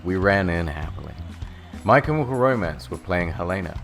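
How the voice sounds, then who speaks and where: Male narrator, deadpan comic reading, low-ish voice. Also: moderate pace, soft background music. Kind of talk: comedic story reading.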